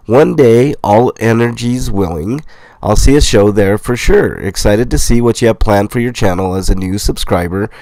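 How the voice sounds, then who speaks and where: A middle-aged man with a stuffy, nasal voice from a cold, casually reading viewer comments aloud as a livestream host, relaxed and rambling. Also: mid-range voice, creaky, dry recording. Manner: relaxed, rambling, with fillers and laughs. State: sick, congested nasal voice.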